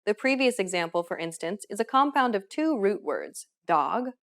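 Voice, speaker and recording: A woman teacher giving a scripted language lesson with clear, measured explanations. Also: mid-range voice, big pitch swings.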